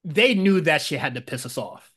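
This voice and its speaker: A man co-hosting a podcast in casual chat, relaxed and cursing freely. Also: on the high side, normal speed, slightly rough. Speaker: podcast co-host.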